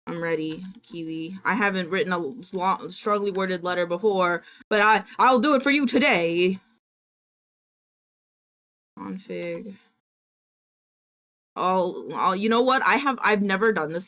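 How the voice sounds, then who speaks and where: A young adult woman streamer chatting casually on a live stream from home. She rants indignantly and swears freely. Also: fairly low pitch. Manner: indignant, swearing, animated ranting.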